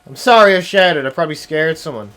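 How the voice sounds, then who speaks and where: A young man, streaming a game and chatting casually, swearing and yelling at the game. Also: a little high, lively intonation, fast talker. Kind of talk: casual live-stream commentary.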